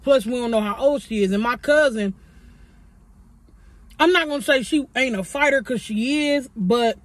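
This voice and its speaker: A young adult woman vlogger telling a story while eating on camera, animated and swearing freely. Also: fairly high pitch, a little slow, no room sound.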